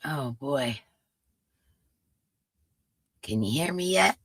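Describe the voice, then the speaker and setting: Casting note: woman host, hoarse and gravelly, chatty, dry close sound. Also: low voice, lively intonation, drawn-out words, dry recording. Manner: chatty, reads viewer names aloud. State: hoarse, voice coming and going. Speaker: livestream host. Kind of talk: casual live-stream chat greeting viewers.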